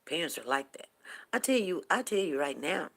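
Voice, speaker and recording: A woman in her fifties hosts a casual morning talk show, drifting from story to story in a loose, chatty way. Her voice sits low and gravelly, with a husky edge. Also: sing-song, moderate pace. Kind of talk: casual chat on a livestream.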